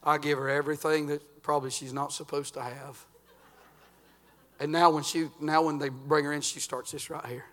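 Older man, pastor preaching, bright voice, fairly high. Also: level tone, moderate pace. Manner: folksy preaching, swinging from loud to quiet. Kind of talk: sermon.

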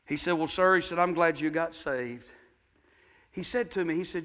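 A preacher man with a high, bright voice tells a story from the pulpit in a folksy, homespun way. He swings from hushed asides to fervent, ringing exhortation. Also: moderate pace. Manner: folksy, builds to shouting fervor. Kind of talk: sermon storytelling.

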